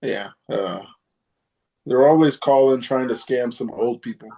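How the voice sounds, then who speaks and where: A man hosting a casual group chat, halting and full of fillers, with a sarcastic streak. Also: medium pitch, vocal fry, dark tone. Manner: halting, many fillers, self-described sarcastic. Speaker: podcast host.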